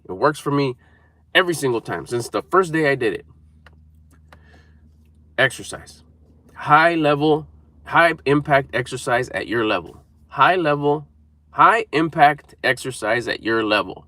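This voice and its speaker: A man's voice: medium pitch, bright, forceful tone, no room sound. A man giving an emphatic, repetitive motivational talk to camera, coaching viewers. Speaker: motivational speaker.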